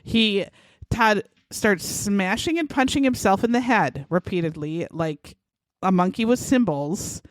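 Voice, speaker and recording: A woman's voice: mid-range voice, a little slow, no room sound. A woman co-hosting a true-crime podcast, animatedly retelling a case in casual chat. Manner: animated retelling, acts out quotes in shouted voices. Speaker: podcast co-host.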